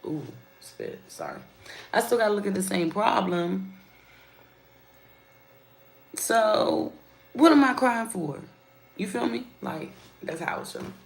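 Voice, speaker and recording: A woman's voice: medium pitch, very animated, unhurried, creaky, long pauses, echoey room, slight background noise, poor audio. A woman chatting candidly and casually with her viewers on a live stream, speaking to them directly as y'all. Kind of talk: casual chat. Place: at her workplace.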